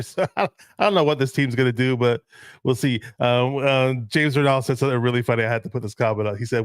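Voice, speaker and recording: A man's voice: mid-range voice, steady tone, fast talker, clear, resonant tone, no room sound, studio quality. A man hosting a casual live sports chat, talking loosely, laughing often and reading out viewer comments. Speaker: host.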